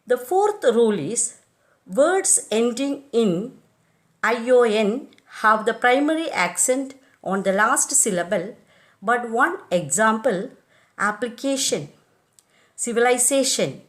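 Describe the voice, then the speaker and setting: A woman's voice: a little high, lively intonation, takes it slowly. A woman teacher with an Indian English accent, reading out rules and word lists and spelling letters one by one. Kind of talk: slow dictated lesson.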